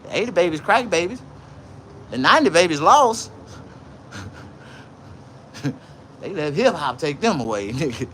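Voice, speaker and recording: A man telling stories in a casual livestream, loud, profane and boisterous. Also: fairly high pitch, very animated, unhurried, long pauses, a little hiss or hum. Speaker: vlogger.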